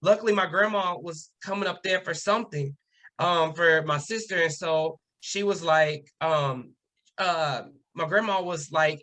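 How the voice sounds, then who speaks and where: An animated man tells a story in relaxed chat, with a notably high pitch and a bright, forward tone. He slips into the voices of the people he quotes and uses casual slang. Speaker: podcast guest.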